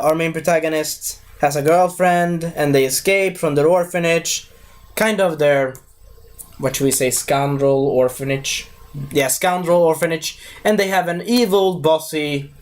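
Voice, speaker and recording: A man giving a casual spoken movie review, rambling, losing his thread and correcting himself as he goes. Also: a little high.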